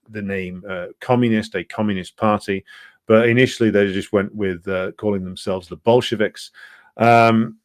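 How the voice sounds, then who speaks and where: A man with a fairly low voice lectures on history in an earnest, explanatory way. He talks off the cuff and stumbles often into ums and half-finished restarts. The sound is close and dry, with no room in it. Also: no room sound. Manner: halting, with frequent ums and restarts. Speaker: presenter of a political history programme. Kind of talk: unscripted explanatory talk.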